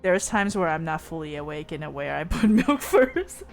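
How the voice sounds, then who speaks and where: A woman's voice: low voice, very animated, normal speed, darkish tone, faint music behind. A woman streamer chatting casually with viewers, reading their messages, rambling with lots of fillers, teasing, and giggling often.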